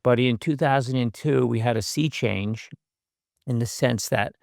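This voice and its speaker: An older man gives a relaxed, conversational lecture over a video call, with a gravelly voice at a middling pitch. He adds wry, self-deprecating asides and fills his pauses with uhs. The sound is dry and close. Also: no room sound. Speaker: guest speaker, professor.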